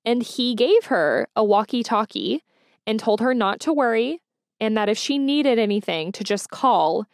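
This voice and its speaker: A woman's voice: on the high side, animated, unhurried, no room sound, studio quality. A woman hosting a solo true-crime podcast, talking in a conversational, emotional and indignant way. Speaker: podcast host.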